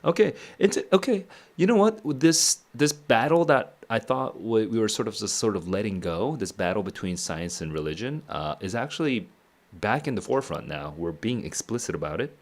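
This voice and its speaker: A man with a notably low voice reads a novel aloud on his stream. He stops often to muse on what he has read and chuckles as he goes. It is a relaxed, unscripted read-and-react session. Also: moderate pace. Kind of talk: casual reading and reacting.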